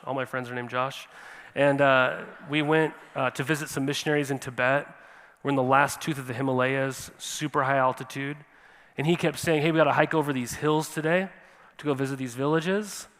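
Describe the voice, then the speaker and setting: A man preaching a sermon as pastor, animated and often checking in with his listeners. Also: medium pitch, moderate pace, in a large hall. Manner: animated, repeats "right?" to the congregation. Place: church sanctuary.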